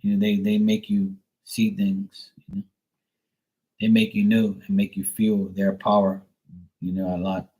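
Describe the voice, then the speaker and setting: A man's voice: fairly low pitch, measured pace, rough recording. Rambling man chatting on a live stream. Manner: rambling, animated storytelling with frequent "you know" and "like". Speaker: tarot reader and live-stream host. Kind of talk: casual live-stream chat.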